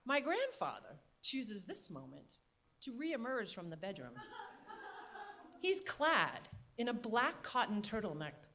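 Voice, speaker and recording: A middle-aged woman telling a personal story on stage with wry, deliberate comic timing. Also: a little high, wildly swooping pitch, sharp tone, a little hiss or hum. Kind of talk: live storytelling performance.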